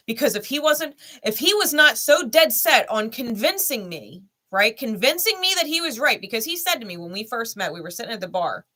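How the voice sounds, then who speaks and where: A woman's voice: on the high side, big pitch swings, fairly quick, few pauses, bright, forceful tone. A woman speaking bluntly in a candid vlog monologue, swearing often and repeating short heated lines straight to the listener. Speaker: tarot reader and channel host.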